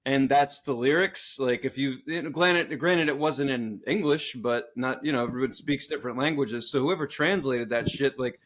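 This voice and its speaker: Animated, swearing man on a podcast. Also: mid-range voice, moderate pace, few pauses. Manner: animated, swears a lot, jumps into loud mocking voices. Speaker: podcast co-host. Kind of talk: casual chat.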